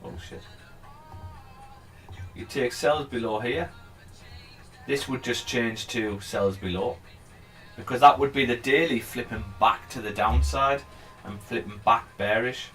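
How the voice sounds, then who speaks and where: Man, medium pitch, casual rambling stream chat, swears casually, faint background music. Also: a little slow, pauses often, bright, forceful tone. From England. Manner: chatty, rambling, urging the price on, swears casually. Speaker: live trading streamer. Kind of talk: casual live-stream commentary.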